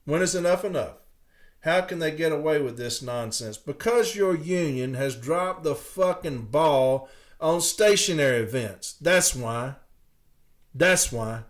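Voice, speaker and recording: Fired-up guy ranting on his podcast, cussing, slightly high voice. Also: animated, unhurried. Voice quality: angry, profane, emphatic. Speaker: podcast host. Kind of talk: ranting monologue.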